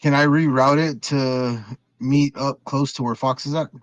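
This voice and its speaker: A man's voice: medium pitch, little pitch movement, moderate pace. Man playing a tabletop game, dull sound. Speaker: player. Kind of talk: casual tabletop play.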